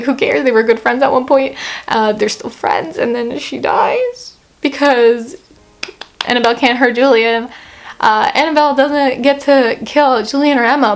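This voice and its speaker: A young woman giving a casual book review vlog, chatty and expressive, swearing freely and saying "like" a lot. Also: high-pitched.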